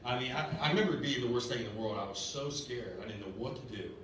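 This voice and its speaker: A man in his thirties delivers a sermon in an earnest, conversational way, often stammering and repeating his words. He sits at an average pitch for a man and sounds set back from the microphone. A heavy church echo surrounds him. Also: very fast, a bit bright. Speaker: lay preacher. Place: church sanctuary. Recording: echoey church room from far off, faint hiss. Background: congregation responding.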